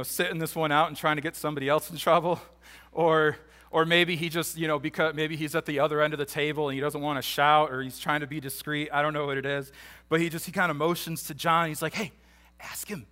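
Bright-voiced man preaching a casual sermon. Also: on the high side. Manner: casual, animated storytelling that acts out the disciples' voices, with repeated restarts. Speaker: pastor. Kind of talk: conversational sermon, Bible teaching.

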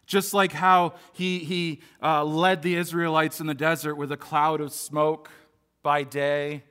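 Male pastor, fairly high, bright tone, earnest conversational sermon. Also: level tone, measured pace, clear, resonant tone. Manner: earnest, conversational preaching with frequent restarts.

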